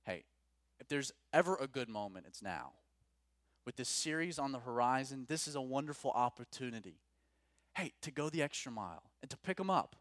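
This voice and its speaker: A man preaching a sermon as pastor, rising to loud emphatic peaks and dropping to quiet, low lines. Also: very animated, fairly quick, no room sound, clean studio sound. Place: church.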